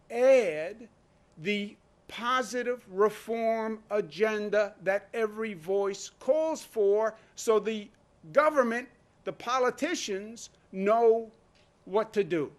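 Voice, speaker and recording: High-voiced man, emphatic press briefing. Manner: emphatic, rhetorical questions. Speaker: governor. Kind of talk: press conference speech. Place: indoor briefing room.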